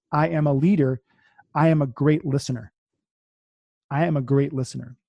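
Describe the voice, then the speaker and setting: A man's voice: on the high side, warm tone, no room sound, clean studio sound. A man from the US East Coast, a podcast guest, talking casually and reading affirmations aloud, often repeating his words.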